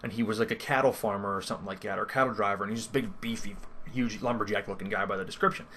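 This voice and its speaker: With slight noise in the background, this man talks at a racing clip in a fairly low, steady, fairly bright voice. He's a first-time game master casually recapping a tabletop campaign session, rambling, interrupting himself, and leaning heavily on fillers.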